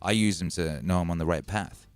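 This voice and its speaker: A man from Wales with a Midlands accent touched by Welsh, hosting a casual livestream, animated and swearing freely, repeating lines for emphasis. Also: deep voice, fairly quick, dry recording, faint music behind. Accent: English Midlands with a Welsh tinge. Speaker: music producer hosting a livestream.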